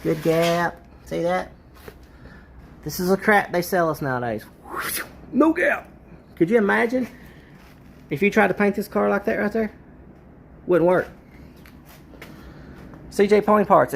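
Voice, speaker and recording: A man's voice: high-pitched, normal speed, gravelly, long pauses, slight background noise. A man, a car restorer, ranting in a frustrated way about bad parts in his garage workshop.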